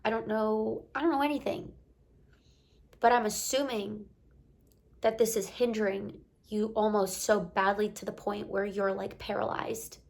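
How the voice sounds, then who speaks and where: A woman's voice: mid-range voice, steady tone, unhurried, darkish tone. A young woman talking earnestly to camera, giving a heartfelt motivational pep talk with repeated encouraging phrases. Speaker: motivational vlogger.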